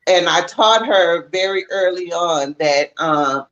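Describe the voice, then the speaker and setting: A man telling relaxed, unhurried anecdotes as an interview guest, with pauses and fillers. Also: a little high, highs cut off. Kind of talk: casual storytelling.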